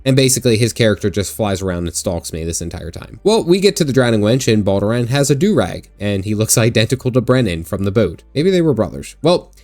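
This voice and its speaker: A man's voice: mid-range voice, a little mellow, no room sound. A man hosting a gaming channel, giving joking, chatty commentary over his gameplay and often mocking himself. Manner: wisecracking, self-mocking, chatty.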